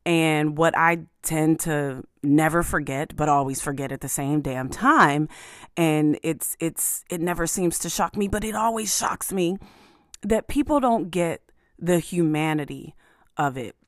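A woman's voice: low-pitched, unhurried, no room sound. A woman hosting a show, talking through the news in a casual, emphatic way with many fillers and restarts. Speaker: podcast host. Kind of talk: casual commentary monologue.

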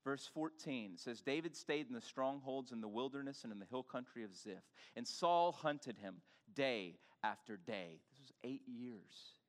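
A male pastor preaching an animated sermon in church, bantering with the congregation and urging them to talk back. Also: mid-range voice, unhurried, few pauses, long reverb tail. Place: church sanctuary.

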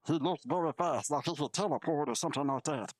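A man hosting a comedy podcast, acting out an improvised skit in a playful way that jumps into high, silly voices. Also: fast, dry recording, studio quality. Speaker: podcast host.

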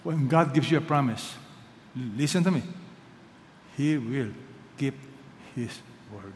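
A man preaching in a big church hall, his voice ringing with a long echo. He speaks in a fairly high register and stresses his words, going from loud calls down to hushed lines. He asks the congregation to answer him back. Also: animated, slow, pauses often. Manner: emphatic, swings between loud calls and hushed lines, prompts the congregation to respond. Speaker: pastor. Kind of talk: sermon. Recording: long reverb of a large hall.

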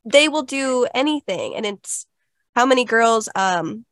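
A woman's voice: a little high, lively intonation, measured pace, a bit bright, dry recording, studio quality. A young adult woman hosting a podcast, telling a personal story in a casual, chatty way with lots of "like" fillers. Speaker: podcast host. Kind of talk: casual conversational interview.

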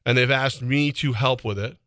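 A man co-hosting a sports radio show in casual banter, telling stories animatedly and jumping into high voices to quote people. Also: normal speed, smooth, dry recording, studio quality. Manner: animated storyteller, jumps into high voices when quoting people.

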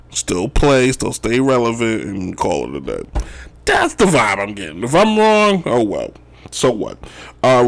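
A man hosting a casual sports talk show, rambling and joking about basketball moves, often tossing in "if you will.". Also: mid-range voice. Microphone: wearing Chicago sports gear.

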